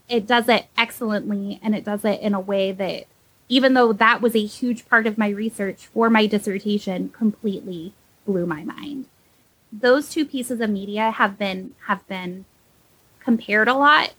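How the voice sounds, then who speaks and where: A young woman talks through a casual podcast discussion, slightly high-pitched. She is animated and sarcastic, leaping upward in pitch whenever she mocks someone. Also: low-quality recording. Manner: animated, sarcastic, with pitch jumps when mocking. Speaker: podcast co-host.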